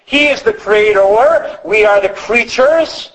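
A man's voice: high-pitched, unhurried, fairly bright tone, low-quality recording. A man preaching a sermon as pastor, teaching earnestly and repeating key phrases for emphasis.

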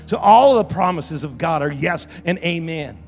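A high-pitched male pastor preaching in a church, his voice carrying through a long, echoing hall. He circles back on his phrases and climbs into shouting, with soft music under him. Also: animated, moderate pace. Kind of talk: sermon.

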